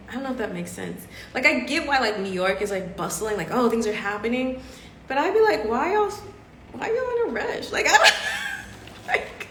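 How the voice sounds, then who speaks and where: Chatty woman in an echoey room. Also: medium pitch. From Southern United States. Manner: chatty and expressive, laughs often, acts out other people's lines. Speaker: podcast host. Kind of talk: casual live-stream chat. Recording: echoey room with faint background hum.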